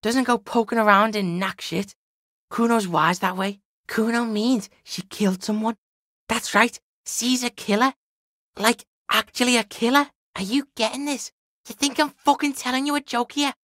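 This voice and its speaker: A brash, swaggering street kid from a video game, played by a woman, who is foul-mouthed and always talks about himself in the third person. The voice is high and bright. It sounds dry and close. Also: fairly even intonation, normal speed, no room sound. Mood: gossiping. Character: foul-mouthed cocky young street boy. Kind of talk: video game character acting.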